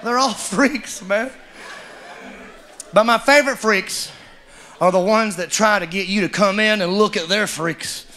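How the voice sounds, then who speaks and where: A man doing a stand-up comedy set, drawling and animated. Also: sits high, unhurried, long pauses. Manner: drawling storyteller, animated and loud, mimics characters. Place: comedy club stage with live audience. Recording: live club recording, audience noise.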